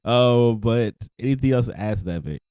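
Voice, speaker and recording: A man's voice: mid-range voice, normal speed, mellow, clear, resonant tone, no room sound. A young man co-hosting a podcast in a loose casual chat, trailing off, restarting and laughing often. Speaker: podcast co-host.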